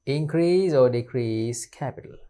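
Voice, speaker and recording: In a recorded lesson on an exam paper, a male teacher goes over each point again and again, asking himself questions and supplying the answers. He has a mellow, mid-range voice and keeps a measured pace.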